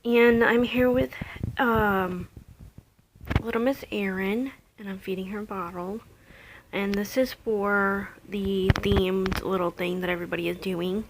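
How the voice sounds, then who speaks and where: Young woman vlogger, casual rambling home chat with soft near-whispered stretches, mid-pitched, noisy camera audio with clicks. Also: fairly even intonation, a little slow. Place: home, indoors. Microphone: camera mic.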